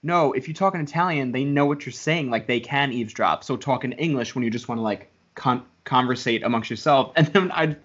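A man with a mid-range voice co-hosts a podcast in a relaxed way, full of fillers. The dull, lo-fi recording takes the edge off his voice. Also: mid-range voice. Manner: laid-back, filler-heavy, quick to laugh. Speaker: podcast co-host. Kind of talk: casual chat.

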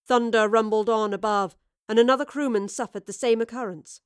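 A woman reading a story aloud as narrator, steady and expressive. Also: a little high, fairly quick, clear, resonant tone, dry recording, clean studio sound. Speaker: audiobook narrator. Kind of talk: scripted narration.

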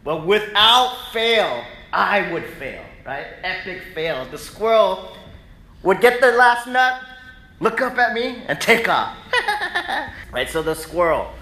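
Man, pastor, conversational sermon, bright voice, echoey church sanctuary. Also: high-pitched, slow. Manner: conversational, animated storytelling preacher.

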